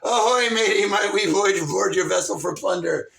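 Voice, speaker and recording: A man voicing a blustering pirate captain in a loud, hammy pirate drawl. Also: high voice, normal speed, vocal fry, echoey room, recorded from a distance, pitched below the performer's own voice.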